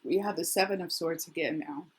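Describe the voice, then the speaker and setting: A middle-aged woman with a worn, husky voice gives a casual tarot reading, chatty and thinking aloud with frequent restarts. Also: sits low, a little fast. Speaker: tarot reader.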